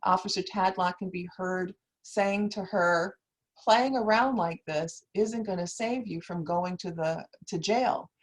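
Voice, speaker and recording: A woman law professor speaking on a panel over a video call, telling a story in an earnest, measured way with emphatic quoted exchanges. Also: lowish voice, poor audio. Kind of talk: academic panel talk.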